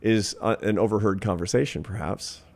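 Low-voiced man telling a story. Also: moderate pace, vocal fry. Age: 50s. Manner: earnest, animated anecdote-telling. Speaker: interview guest, social scientist. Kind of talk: reflective storytelling in conversation.

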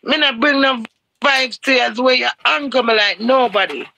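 A Jamaican woman ranting heatedly on a live stream, swearing and swinging from low mutters to shouts. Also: moderate pace, creaky, slight background noise, low-quality recording.

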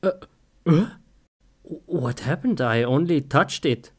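A woman performing a comedic live-action skit, excitable and quick to exclaim and laugh, speaking simple English with non-native phrasing. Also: low-pitched, breathy edge. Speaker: sketch performer.

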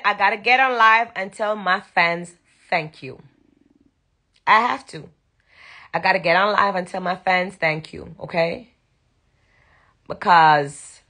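A woman's voice: medium pitch, pushed and bright. A young woman with a Jamaican accent chatting to fans on a live stream from her bedroom, emphatic and repetitive, slipping into patois. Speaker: dancehall singer thanking fans on a live stream. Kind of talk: casual live-stream chat. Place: bedroom at night.

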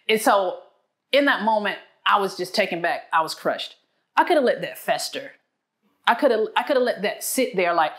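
Animated woman telling a marriage story. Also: brisk. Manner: animated, acts out her own quotes with big pitch jumps. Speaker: guest on a marriage talk show. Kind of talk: candid storytelling talk. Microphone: lapel mic.

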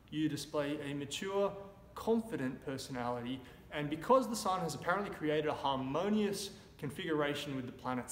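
An Australian man gives a sermon in a relaxed, joking manner, his fairly high voice carrying emphatic asides. The recording rings with a long hall reverb and faint background hiss. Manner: conversational, wry humour, emphatic shouted examples. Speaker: preacher. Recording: echoey room, long reverb, faint noise.

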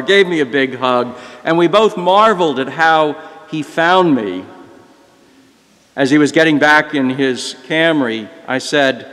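An older man, a priest, telling a story in a sermon, reflective and gentle. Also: a little high, long reverb tail. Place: church.

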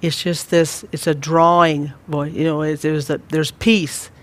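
Church guy teaching, soft and rambly, lots of um and you know, slightly high voice. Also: flat delivery, unhurried. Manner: gentle, rambling, many fillers. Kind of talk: church Bible study teaching.

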